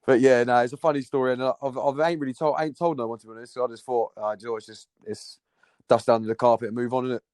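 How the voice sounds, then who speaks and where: A man's voice: mid-range voice, fairly even intonation, very fast, a little mellow, no echo. A man, a football captain telling stories in a rambling, slangy way as a podcast guest. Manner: rambling, repeats words, slangy banter. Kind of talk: casual storytelling chat. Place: podcast recording.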